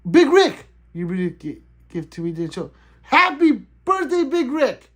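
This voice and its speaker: A middle-aged man talks casually on his own livestream from home, answering his viewers and laughing often. His pitch swings widely, rising sharply whenever something catches his attention. The talk is loose and unscripted. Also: very animated, a little slow, a bit bright. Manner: loose, laughing, chatty, reading out chat. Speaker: livestream host.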